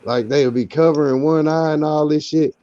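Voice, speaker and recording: A man's voice: fairly high pitch, fairly even intonation, fairly quick, dark tone. A man in a casual group chat, talking emphatically in slang and repeating himself. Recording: dull lo-fi stream audio.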